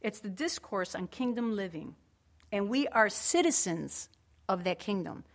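A woman's voice: mid-range voice, expressive, unhurried. A woman preaching a sermon in an earnest, emphatic way, with conversational asides to the congregation.

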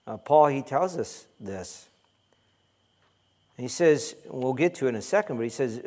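A man's voice: mid-range voice, lively intonation, a little slow, long pauses, a little mellow. A man preaching a conversational sermon as pastor, joking and mimicking complaining churchgoers.

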